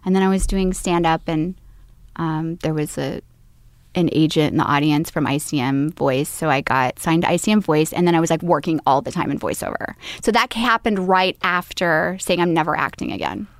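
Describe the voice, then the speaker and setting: A woman's voice: sits low, normal speed, dry recording, studio quality. A woman comedian and voice actor, chatting as a guest in an easygoing way, often trailing off and laughing. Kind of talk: casual chat.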